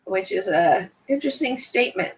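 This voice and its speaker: A woman's voice: mid-range voice, animated, brisk. A woman in her thirties co-hosting a casual reality TV chat, blunt and teasing, swearing playfully. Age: 30s. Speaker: podcast co-host. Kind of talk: casual banter about reality TV. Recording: dull lo-fi home recording.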